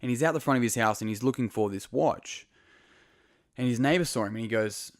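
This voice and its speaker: A man's voice: mid-range voice, a little fast, dry recording, studio quality. A man hosting a podcast, talking straight to the listener in a casual, earnest motivational monologue full of swearing. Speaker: podcast host.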